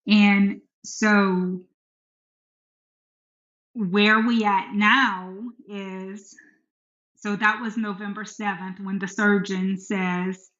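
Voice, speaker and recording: A woman's voice: medium pitch, flat delivery, extremely slow, pauses often, fairly bright tone. Woman, middle-aged, podcast guest, earnest storytelling, dull muffled sound. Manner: earnest, talks frankly about faith. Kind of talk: personal storytelling. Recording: echoey room, dull sound.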